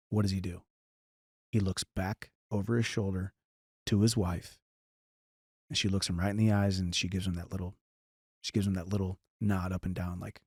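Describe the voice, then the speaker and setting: Man from st louis, low voice, talks earnest n rambly, restarts a lot, podcast host giving advice. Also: steady tone, moderate pace, a little mellow, no echo, clean studio sound. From St. Louis, Missouri. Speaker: podcast host answering listener questions. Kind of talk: casual advice talk.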